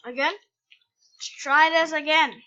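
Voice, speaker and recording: A woman narrates her gameplay in a high, bright voice, talking slowly and unhurriedly. She keeps exclaiming and complaining in frustration. The mic sounds a little dull and lo-fi. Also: fairly even intonation. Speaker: gamer. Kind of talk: casual gameplay commentary.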